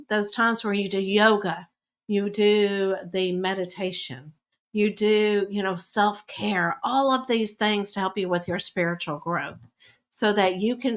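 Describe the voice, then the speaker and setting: A woman talks through spiritual self-help tips in a relaxed podcast style. She speaks at a mid pitch, in a loose, conversational way, with fillers and friendly "all right?" check-ins. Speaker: spiritual teacher. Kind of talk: casual podcast talk giving advice.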